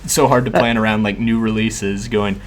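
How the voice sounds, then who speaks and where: Chatty man hosting a podcast, low voice. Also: fairly even intonation, normal speed, slight background noise. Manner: chatty, laughs often, many "like" fillers. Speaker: podcast host. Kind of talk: casual chat.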